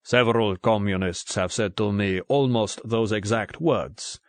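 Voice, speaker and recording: A male audiobook reader voicing a proud, gruff Greek man with a deep voice. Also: no room sound, lightly acted. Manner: measured, contemptuous. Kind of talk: audiobook character voice.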